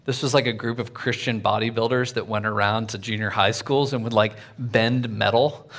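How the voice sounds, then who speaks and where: A man preaching a sermon in a casual, conversational way, full of fillers and "right?", swinging from loud and lively to quiet. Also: fairly low pitch, moderate pace. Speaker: pastor.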